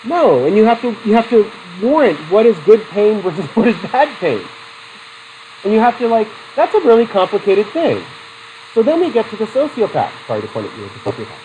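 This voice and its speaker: A man's voice: high voice, very animated, fairly quick, dark tone, slight background noise, rough recording. Guy teaching psych class, rambly and casual, keeps asking the students questions, laughs a lot. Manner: chatty, digressive, poses questions to the class; laughs often between points. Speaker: psychology instructor. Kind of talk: classroom lecture.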